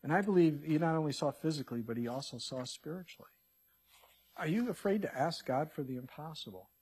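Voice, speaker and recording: A male pastor preaching an expository sermon, animated and acting out the story characters in quick voices. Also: a little high, breathy edge.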